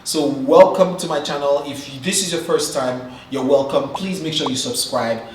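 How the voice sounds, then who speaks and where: A man's voice: fairly high pitch, normal speed, far from the mic. A man hosting a casual commentary vlog, chatty and teasing, tossing rhetorical questions at his viewers. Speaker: YouTube host. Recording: roomy echo, off-mic, faint noise.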